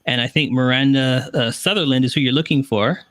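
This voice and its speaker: A man's voice: mid-range voice, fairly quick, fairly bright tone, no room sound. A man hosting a live online show who hurries to manage the running order. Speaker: show host.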